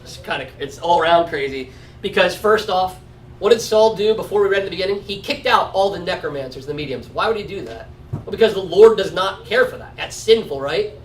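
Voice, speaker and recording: Teaching a relaxed Bible study, this man keeps things conversational and tacks on "right?" again and again. He sounds animated and a little fast, with a high-sitting voice. The distant mic picks up roomy echo and slight background noise.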